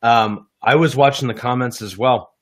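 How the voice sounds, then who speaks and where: A friendly man in a live video chat, speaking as a guest sales coach. His pitch sits in the middle for a man, and his delivery is upbeat and brisk as he calls out to the viewers. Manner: upbeat, friendly, quick audience call-outs. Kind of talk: casual live-stream chat. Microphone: video call.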